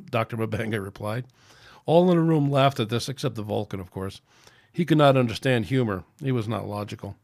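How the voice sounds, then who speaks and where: A man's voice: lowish voice, a little fast, creaky, darkish tone, dry recording, clean studio sound. A man reading his own science fiction story aloud as a podcast narrator, in a plain, unpolished way. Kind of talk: amateur audiobook narration.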